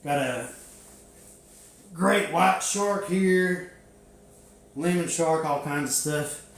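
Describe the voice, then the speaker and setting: A man's voice: on the high side, extremely slow, gravelly. A young man telling stories on a casual live stream, cursing freely and laughing often. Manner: profane, laughing, drawling storyteller. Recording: echoey room.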